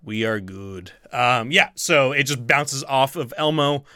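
A man's voice: mid-range voice, lively intonation, a little slow, bright, forceful tone, no room sound, studio quality. A man running a tabletop game as game master, rambling with fillers, swearing casually and laughing often.

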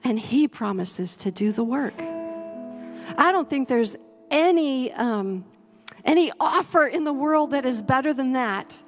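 Woman pastor preaching real slow, kinda high voice, big church echo. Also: lively intonation. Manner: slow, earnest, leads a congregation in prayer. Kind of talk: sermon. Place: church sanctuary. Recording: long hall reverb, soft music behind.

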